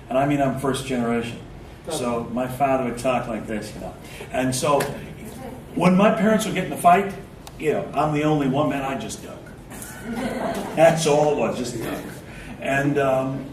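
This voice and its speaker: A man in his fifties gives a guided spiritual talk, stretching short affirmations out slowly and easing into humorous personal stories. His mid-pitched voice comes from some way off the mic in an echoey hall. A faint room ambience sits underneath. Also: recorded from a distance, a little hiss or hum. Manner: slow, drawn-out chanting of short affirmations; relaxed, humorous storytelling. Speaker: spiritual speaker. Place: indoor event venue before a live group.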